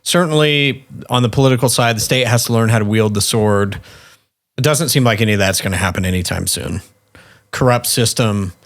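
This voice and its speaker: A man's voice: lowish voice, fairly quick, a bit bright. A man co-hosting a podcast in casual chat, steadily leading the talk and asking questions. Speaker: podcast co-host.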